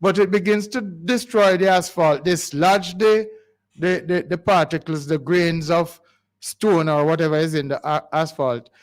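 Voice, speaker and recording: A man's voice: on the high side, measured pace. A man with a Jamaican accent hosting a community radio show, talking in a rambling, pleading way with frequent restarts. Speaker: radio host. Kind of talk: call-in community radio talk. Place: radio studio.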